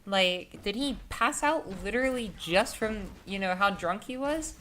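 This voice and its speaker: A woman's voice: mid-range voice, expressive, unhurried, a bit bright, a little hiss or hum. A young adult woman telling a story casually, rambling and profane, with many filler words. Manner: rambling, profane, heavy with "like" and "you know".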